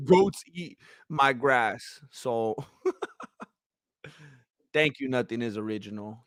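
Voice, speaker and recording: Hoarse from talking so much, a young man hosts a relaxed livestream, reading viewer comments and thanking fans with excitable, frequent laughter. His voice is medium-pitched and slow, with long pauses. There's no echo, and the audio is studio quality.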